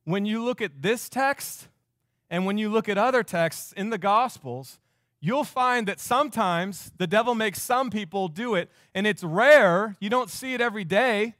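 A pastor preaching a sermon, emphatic and fond of repeating phrases for effect. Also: male voice, sits high, lively intonation, moderate pace, fairly bright tone, no room sound, studio quality.

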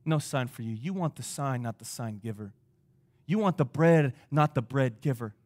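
A preacher voicing Jesus as a weary, patient man who speaks low, hushed and firm. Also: lively intonation, moderate pace, natural voice. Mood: weary rebuke.

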